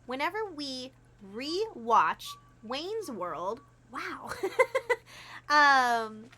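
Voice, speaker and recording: Bubbly high-voiced woman streamer. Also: very animated, very slow, sharp tone. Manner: bubbly, giggly, talks to chat. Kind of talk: casual gameplay livestream chat.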